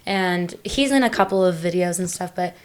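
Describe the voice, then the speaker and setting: A woman's voice: lowish voice, normal speed. A young woman talking openly as a podcast guest, chatty and full of fillers and restarts. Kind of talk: casual conversational interview.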